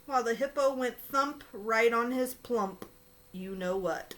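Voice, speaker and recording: Storytime reader, woman, slightly high voice, lively rhyming read. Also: a little slow. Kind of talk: reading a children's picture book aloud.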